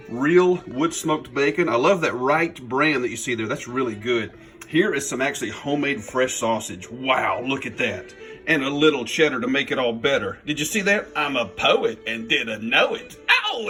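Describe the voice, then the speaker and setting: A man's voice: medium pitch, fairly bright tone. A man hosting his own cooking video, chatting upbeat and joking as he cooks at the stove. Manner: upbeat, jokey, chatty asides. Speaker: cooking show host. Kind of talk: casual cooking demonstration.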